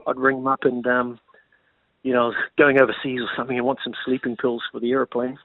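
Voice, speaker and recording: A man's voice: medium pitch, flat delivery, fast talker, no echo, phone-quality sound. A man, a former rugby player telling funny anecdotes in a casual chat, laughing as he goes. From New Zealand. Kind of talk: casual storytelling.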